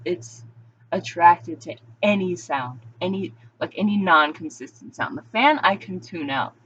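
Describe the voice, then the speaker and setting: A woman's voice: lowish voice, fairly bright tone, slight background noise. Candid young woman rambling in a vlog. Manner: rambling, candid, heavy use of "like". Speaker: vlogger. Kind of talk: confessional vlog monologue. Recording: dull lo-fi recording.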